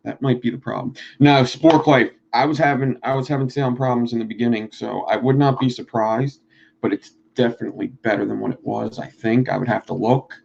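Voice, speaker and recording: A man with a Philadelphia accent chats fast and loose on a live stream, swearing freely as he teaches coil building. His mid-pitched voice carries a gravelly fry. The audio is dull and lo-fi. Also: fairly even intonation, darkish tone, slight background noise. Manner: fast-talking, profane, rambling. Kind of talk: casual live-stream chat.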